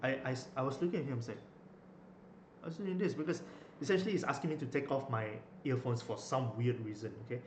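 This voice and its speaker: A man's voice: mid-range voice, fast. A young man, telling a story in a rambling casual way with many fillers and restarts. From Malaysia. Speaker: vlogger. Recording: echoey room, faint noise.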